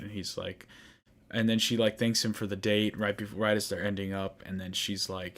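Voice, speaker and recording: Casting note: young male podcast host, somewhat low voice, rambling and exasperated recap. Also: fairly even intonation, brisk, fairly bright tone. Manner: rambling, frustrated, many fillers and restarts. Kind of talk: casual anime recap monologue.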